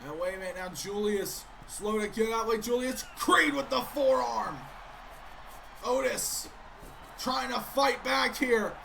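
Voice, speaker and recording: A man doing excitable play-by-play commentary of a wrestling video game, keeps breaking off with sudden interruptions. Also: very high voice, unhurried, gravelly, a little hiss or hum.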